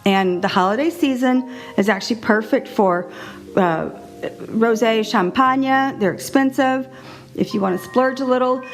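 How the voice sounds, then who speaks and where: A middle-aged woman hosting her own podcast, talking in a chatty, animated way and laughing often. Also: on the high side, measured pace, faint music behind. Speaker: podcast host. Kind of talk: casual solo podcast monologue.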